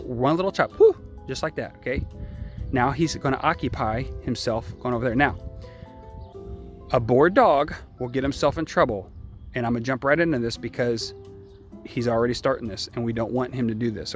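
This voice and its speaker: A man working as a dog trainer, explaining step by step in a relaxed, unscripted way and often stopping with a checking "okay?". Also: mid-range voice. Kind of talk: casual filmed training demonstration. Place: outdoors by a puppy pen.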